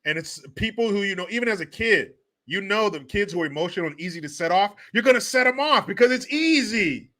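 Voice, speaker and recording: A man's voice: high-pitched, animated, fast talker, pushed and bright. A man hosting a comedic political commentary show, talking in a crude, sarcastic way and laughing often. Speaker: host.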